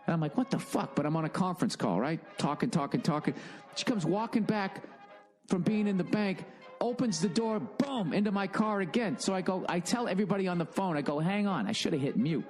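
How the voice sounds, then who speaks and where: A man in his forties tells a long, exasperated story, swearing freely as he rants. His voice sits a bit high for a man. Faint music plays quietly underneath. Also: animated, brisk. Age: 40s. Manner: profane, exasperated ranting. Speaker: podcast host. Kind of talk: casual storytelling monologue.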